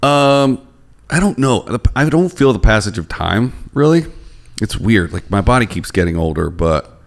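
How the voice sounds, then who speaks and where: A male podcast host in casual comedic chat, playful and quick to slip into mock announcer voices. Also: fairly low pitch, sing-song. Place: room near a street.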